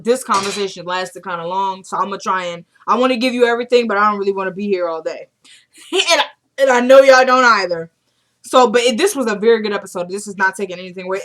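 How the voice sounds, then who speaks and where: A woman's voice: mid-range voice, fairly bright tone. A young woman chatting casually as she recaps a TV episode, animatedly quoting the characters' lines in her own voice.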